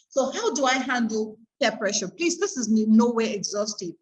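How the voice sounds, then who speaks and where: A woman's voice: mid-range voice, a little hiss or hum, low-quality recording. A woman giving an earnest, faith-based teaching talk on peer pressure, asking her audience rhetorical questions. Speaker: course speaker on peer pressure.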